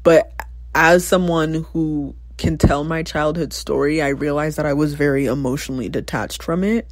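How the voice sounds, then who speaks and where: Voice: medium pitch, fairly even intonation, moderate pace, dry recording, studio quality. A podcast host in their twenties speaking in a candid, reflective personal monologue, breaking into sudden exclamations when recalling past conversations. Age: 20s.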